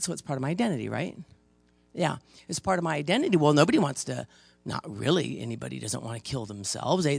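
A preacher teaches in a conversational, storytelling style, hitting his key points hard and frequently restarting sentences. His fairly high voice has a gravelly texture, captured in a close, dry recording.

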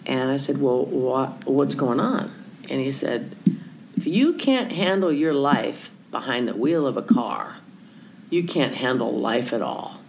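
A Christian woman with a very deep, creaky voice tells a story conversationally and a little slowly, carrying a faith message. She animates it by acting out the characters' voices and sometimes dropping to a whisper. The low-quality recording has a bit of hiss or hum.

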